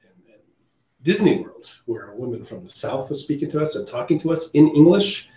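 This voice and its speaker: Animated man telling stories, roomy sound. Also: on the high side, a little fast. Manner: lively, animated storyteller. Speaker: podcast co-host. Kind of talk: casual storytelling chat. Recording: roomy room with faint noise.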